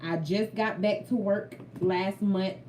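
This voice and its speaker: A woman's voice: medium pitch, steady tone, takes it slowly, a little mellow, far from the mic, slight background noise. A woman giving a heartfelt faith talk to her viewers, earnest and preachy, repeating lines for emphasis. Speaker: vlogger. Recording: roomy, from off-mic.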